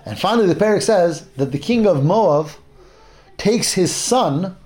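In an unhurried, animated, high-pitched voice with a darkish tone, a man retells a Bible story for a laid-back Torah class. His delivery is conversational, with fillers, restarts, and acted-out quotations.

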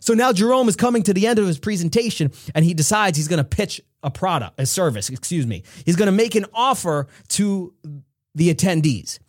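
Male motivational host, emphatic storyteller, slightly high voice, dry sound. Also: big pitch swings, dry recording. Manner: emphatic storytelling, speeds up and slows. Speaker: podcast host. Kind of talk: motivational monologue.

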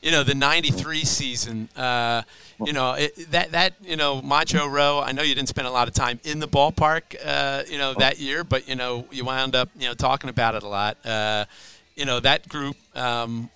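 A man with a bright, smooth voice co-hosts a casual sports chat. He rambles, circling around his questions with lots of filler words. His tone is crisp and clear. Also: mid-range voice, low-quality recording. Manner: rambling, many "you know" fillers.

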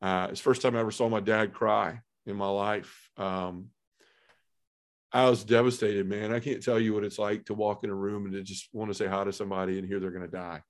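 Low-voiced man, earnest testimony. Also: little pitch movement, fairly quick. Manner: earnest, heartfelt storytelling with frequent fillers. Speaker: podcast guest. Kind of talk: personal testimony in a podcast conversation.

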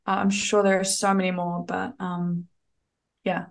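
A woman's voice: on the low side, level tone, measured pace, creaky. A woman guest on a podcast, telling stories casually, enthusiastic and chatty with lots of ums and restarts. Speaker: podcast guest, thru-hiker. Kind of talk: casual conversational storytelling.

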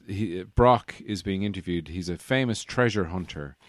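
A man's voice: low-pitched, moderate pace, no echo. A man co-hosting a podcast, chatting casually about a film, rambling with jokes and fillers. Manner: rambling, joking, many fillers. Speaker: podcast co-host.

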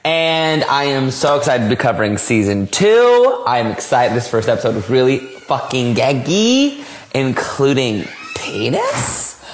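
A man hosting a podcast, talking in a campy, excitable rush and swearing without a second thought. His pitch sits in the middle but swings widely as he gushes. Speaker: podcast host. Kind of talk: casual podcast chat.

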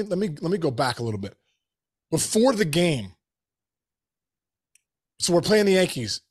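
A man hosting a podcast, telling a story casually in animated bursts, full of restarts and "bro" and "dude". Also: sits high, husky.

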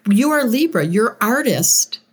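A woman guest in a conversational interview, expressive, acting out moods as she explains ideas. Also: measured pace. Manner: expressive, acts out moods with big pitch swings. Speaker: astrologer guest.

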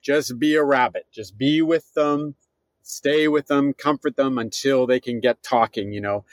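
A middle-aged man answering an interview question, speaking earnestly and plainly with gentle advice. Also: medium pitch, measured pace, no room sound. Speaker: guest, philosophy professor.

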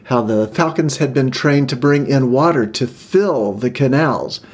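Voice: medium pitch, unhurried, darkish tone, breathy edge. Mock-serious comedy interviewer. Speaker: improvised interviewer.

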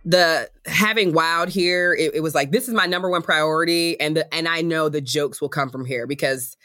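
Bright-voiced woman guest, laughing chat. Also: sits low, normal speed, no echo, clean studio sound. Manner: animated, laughing storyteller. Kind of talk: casual chat. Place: kitchen table.

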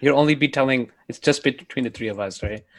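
A man's voice: medium pitch, quick pace, no echo. A Canadian man co-hosting a podcast in casual, playful chat. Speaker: podcast co-host.

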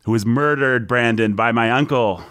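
A man's voice: medium pitch, moderate pace, fairly bright tone, no room sound, clean studio sound. A man hosting a podcast in a playful, jokey casual chat. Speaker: podcast host.

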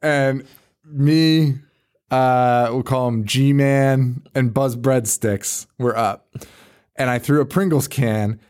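This is a man co-hosting a casual podcast, with a voice sitting at an ordinary middle pitch. He rambles through stories, swears freely and breaks into laughter often. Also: fairly even intonation, takes it slowly, a little mellow, smooth. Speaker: podcast co-host. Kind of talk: casual chat.

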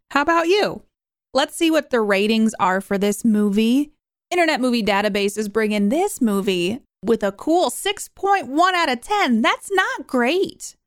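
A woman's voice: on the high side, animated, moderate pace, no room sound, studio quality. A young woman hosting a podcast, chatting casually and rambling as she reviews a movie. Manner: chatty, rambling, self-questioning. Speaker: podcast host.

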